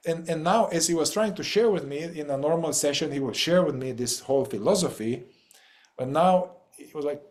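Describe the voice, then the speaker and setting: A man's voice: fairly high pitch, expressive, moderate pace, a little mellow. A man facilitating a group talk over a video call, casual and playful, often laughing and trailing off mid-thought.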